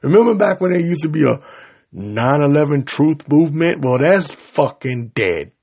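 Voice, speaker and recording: A man delivering a profane, confrontational rant straight to his audience, swinging between loud outbursts and low mutters. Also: expressive, moderate pace, slightly rough. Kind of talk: profane angry rant to camera.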